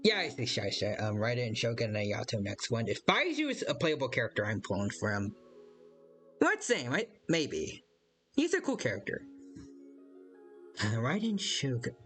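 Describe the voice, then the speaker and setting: Bright-voiced male streamer with music behind. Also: mid-range voice, huge pitch swings, moderate pace, pauses often. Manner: rambling, hesitant, talks to chat by name. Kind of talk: casual live-stream chat while playing a game.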